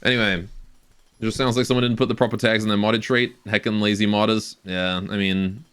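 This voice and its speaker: A man's voice: lowish voice, fairly even intonation, normal speed, a bit bright, clean tone. A young man casually commenting on his game live, rambling, joking and often laughing, on a close cheap stage mic. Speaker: game streamer.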